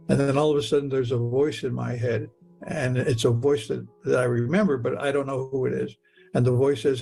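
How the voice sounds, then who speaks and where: Gravelly man recounting a story. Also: mid-range voice, fairly even intonation, darkish tone, soft background music. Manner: halting, repeats words, earnest. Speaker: guest telling his story. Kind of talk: personal storytelling.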